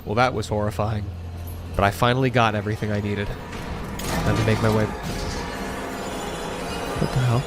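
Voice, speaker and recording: A man's voice: on the low side, level tone, moderate pace, pauses often, natural voice. A man voicing a male game character who mutters to himself while exploring alone. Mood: uneasy. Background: loud music.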